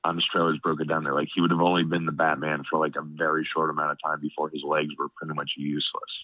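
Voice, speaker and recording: A podcast host with a very deep voice and a stuffed-up nose rambles through casual chat in a monotone, plugging every pause with "you know what I mean." The recording is dry and tinny like a phone line, with his voice close and no room sound around it.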